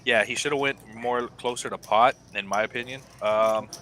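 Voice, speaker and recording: A man calling a live poker game, giving measured, analytical play-by-play. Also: medium pitch, steady tone, bright, forceful tone. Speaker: poker commentator.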